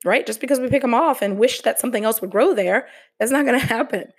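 Woman podcast host, motivational, slow and earnest, casual delivery. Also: fairly high pitch, slightly rough.

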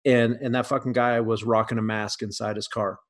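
A man's voice: medium pitch, flat delivery, brisk. A man on a podcast, talking casually in a blunt, profane way with frequent restarts. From United States.

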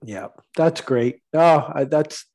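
A man's voice: a little high, animated, slow, a little mellow. A man hosting a casual interview, encouraging and supportive toward his guest. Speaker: host.

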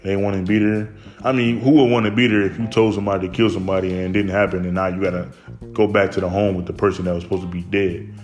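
A man's voice: sits low, flat delivery, fast talker, a little mellow, soft background music. A young man casually recounting a family story from his childhood, rambling with many fillers and restarts.

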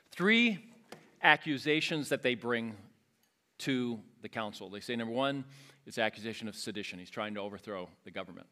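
A man's voice: mid-range voice, bright, forceful tone. A man teaching a Bible passage verse by verse in an explanatory way, often restarting and adding asides.

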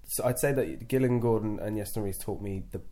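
A man's voice: lowish voice, fast, mellow. A man chatting as a podcast guest, telling rambling, self-deprecating stories about wrestling. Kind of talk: casual podcast conversation.

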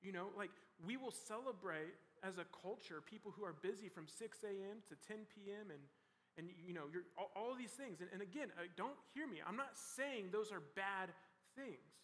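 A man's voice: sits high, expressive, moderate pace, a bit bright. A young man giving a youth sermon in a casual, chatty way, with many "like" and "you know" fillers. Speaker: youth pastor. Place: large church hall. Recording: reverberant hall.

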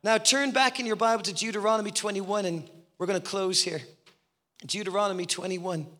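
A male guest preacher with a strikingly high, bright, forceful voice delivers a passionate sermon. He stacks up repeated rhetorical questions, and each line echoes with a long reverb through the church hall. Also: steady tone, a little fast.

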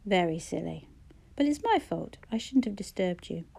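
A woman reading the part of a calm, gentle and teasing male schoolteacher in a soft, low-key voice. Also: normal speed, creaky, husky, heavily acted.

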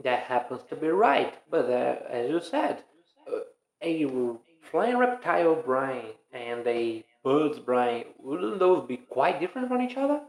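A man's voice: medium pitch, very animated, unhurried, gravelly, roomy sound, rough recording. A man co-hosting a podcast in casual chat, joking and teasing. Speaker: podcast co-host.

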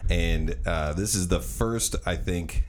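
A man's voice: low voice, takes it slowly, a little hiss or hum. A man hosting his long-running casual podcast, rambling and restarting his sentences in a laid-back way. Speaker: podcast host.

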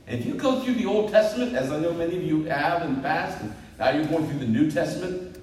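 A man in his fifties preaching a sermon as pastor, telling jokes on himself in a lively, swooping voice. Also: fast, slight background noise. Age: 50s. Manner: lively, self-deprecating storytelling with swooping pitch. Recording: echoey hall picked up from a distance.

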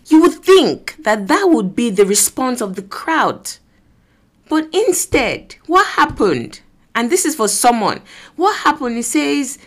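A woman with a Nigerian accent preaching an earnest sermon, exhorting listeners and acting out voices from scripture. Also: on the high side. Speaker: preacher and podcast host.

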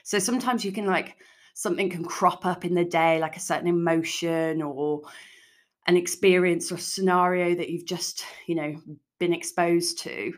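Woman, fairly low pitch, podcast host, casual and frank, chatty. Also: steady tone, normal speed. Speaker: podcast host and food coach. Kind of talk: casual solo podcast talk.

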